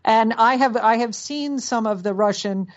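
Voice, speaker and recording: A woman's voice: fairly high pitch, moderate pace, lo-fi sound. A woman co-hosting a podcast in casual chat, chatty, with many fillers and restarts. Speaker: podcast co-host.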